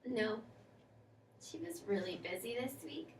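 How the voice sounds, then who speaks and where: A woman's voice: medium pitch, animated, unhurried, close to an everyday voice. A woman playing a tired, unsure schoolgirl in a counseling role-play, talking hesitantly with many fillers. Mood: subdued. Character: female schoolkid client, tired, restless, unsure. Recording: echoey room, distant mic, faint noise.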